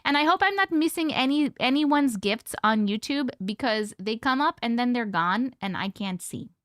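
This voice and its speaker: A woman hosting a casual livestream, playful and animated as she chats and reads viewer stories aloud. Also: on the high side, moderate pace, no echo, clean studio sound. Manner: animated and playful, jokes with chat. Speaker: host reading viewer stories.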